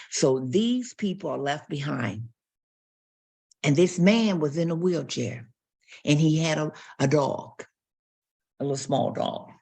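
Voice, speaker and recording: A woman's voice: very deep voice, gravelly, a little mellow, slightly rough. A woman pastor preaching a sermon, telling stories and acting out quotes and barking sounds.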